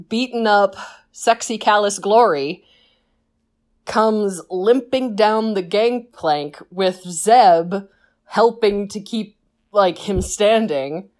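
A woman recounting a story in an unhurried, chatty way, full of asides and fillers. Her voice sits at an ordinary pitch, and she sounds enthusiastic about the tale. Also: a little mellow. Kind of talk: casual retelling of a story.

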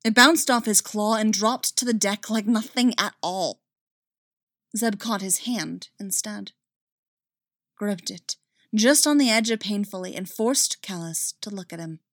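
A woman giving an expressive, dramatic reading of a story. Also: mid-range voice, measured pace, no echo, clean studio sound. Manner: expressive, rising and falling with the drama. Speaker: reader.

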